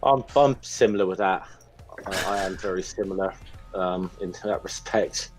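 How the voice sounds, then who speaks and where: A man's voice: low voice, moderate pace, faint music behind. A man in casual group chat on a voice call, hesitant and often repeating words.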